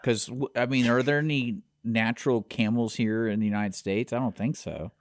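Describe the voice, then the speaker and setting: A man's voice: medium pitch, steady tone, normal speed. A man co-hosting a radio show, tossing in short, offhand remarks with dry humor. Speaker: radio co-host. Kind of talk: casual radio banter. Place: radio studio.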